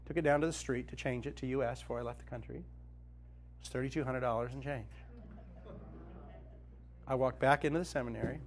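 A man's voice: mid-range voice, steady tone, a little fast, pauses often. A male Christian speaker and author telling a personal faith story to a group, acting out the dialogue with self-mocking humor.

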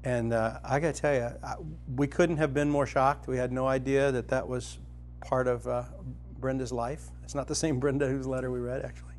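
A middle-aged man preaching a sermon, telling a personal story and retelling a parable, rising to loud excitement in the vivid parts and dropping soft in the tender ones. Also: moderate pace, few pauses, slight background noise. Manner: storytelling, grows animated and loud when dramatizing, soft and low when tender.

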